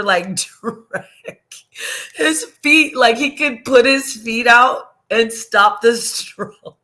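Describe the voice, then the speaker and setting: A woman chats casually on her livestream in a voice of ordinary pitch for a woman. She rambles and gets emotional, laughing and restarting as she reads comments and answers them. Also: sharp tone. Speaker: livestream host reading viewer comments.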